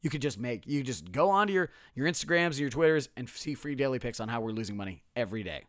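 A man's voice: mid-range voice, animated, fast, dry recording, clean studio sound. A man hosting a casual solo sports podcast, sarcastic and self-mocking, his voice a bit strained. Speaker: podcast host.

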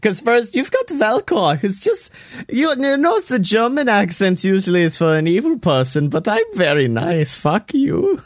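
A man's voice: high-pitched, very animated, moderate pace, dry recording, studio quality. A young man who creates and voices a show, chatting casually and animatedly, laughing often and swearing freely. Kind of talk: casual podcast chat.

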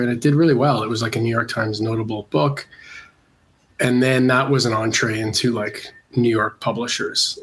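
A man's voice: medium pitch, a bit bright, slight background noise. A Canadian-born illustrator, a man with a congested voice from a cold, talking casually and hesitantly with many fillers in an interview. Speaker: illustrator guest.

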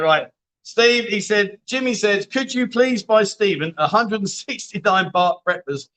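A man's voice: high voice, lively intonation, moderate pace, fairly bright tone, rough recording. A man hosting a casual livestream, reading out viewer comments with blunt, jokey banter and the odd swear word. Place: bar venue.

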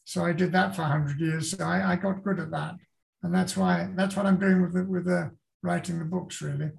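An older British man, an author appearing as a guest in a casual interview, speaks briskly with fairly even intonation. His voice is fairly high for a man with a gravelly edge, and he rambles, repeating words and restarting sentences as he thinks aloud.

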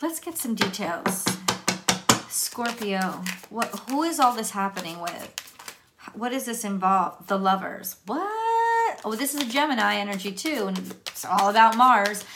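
Woman, tarot reader, casual and chatty, mid-pitched voice. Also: lively intonation, a little slow, noisy background. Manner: chatty, laughs, restarts often.

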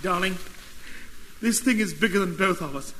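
An actor playing an excitable, bumbling British army officer in a 1950s radio comedy, manic and giggly. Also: male voice, high voice, normal speed, in a large hall, rough recording. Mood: romantic.

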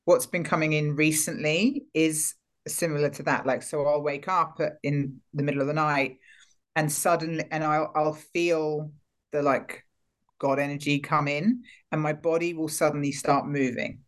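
A woman's voice: low voice, fairly even intonation, normal speed. A woman energy healer and coach, a podcast guest, talking reflectively and often circling back as she searches for the right words. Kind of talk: casual podcast conversation.

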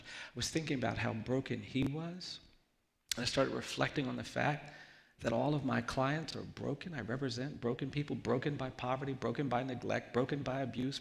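Gravelly-voiced man telling a story in a hall. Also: mid-range voice. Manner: earnest, slow storytelling with emotional hush and quoted voices. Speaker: guest speaker, lawyer. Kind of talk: personal storytelling on stage. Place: large event hall.

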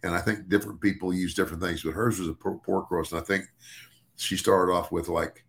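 An older man, a podcast co-host, talking casually in a halting way, with many restarts and repeated words. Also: low voice, steady tone, vocal fry. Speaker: podcast co-host and former wrestler.

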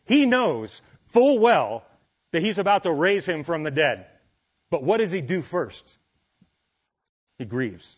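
A man's voice: a little high, sing-song, slow, pauses often, breathy edge, lo-fi sound. A male pastor preaching a sermon in a conversational way, his voice rising and falling with feeling as he asks the congregation questions.

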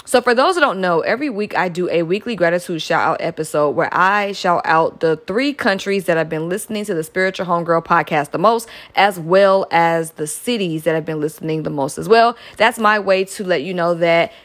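A woman's voice: fairly low pitch, brisk, hardly any pauses. Chatty woman podcaster. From Metro Atlanta, US South. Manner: chatty and upbeat, with frequent "y'all" and laughs. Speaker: podcast host. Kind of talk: casual solo podcast shout-outs.

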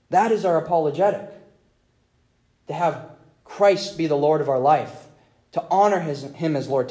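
A man's voice: a little high, warm tone. A man preaching an earnest, explanatory sermon. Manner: earnest, explanatory, with occasional restarts.

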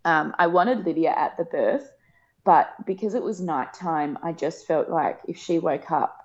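A woman, telling a personal story in a casual chat, emotional and laughing often, acting out quoted lines in a higher voice. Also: a little slow, darkish tone. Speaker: guest. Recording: dull lo-fi podcast sound.

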